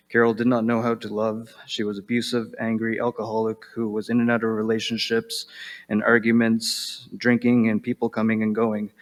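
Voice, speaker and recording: A man reading his own personal letter aloud, slow and measured, pausing often and clearing his throat. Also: medium pitch, long reverb tail.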